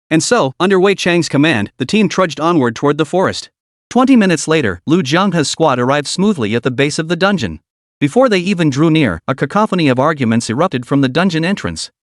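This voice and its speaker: A man narrating a game fantasy story in an even scripted storytelling manner, voicing the quotes only lightly. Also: a little high, brisk, no room sound, studio quality.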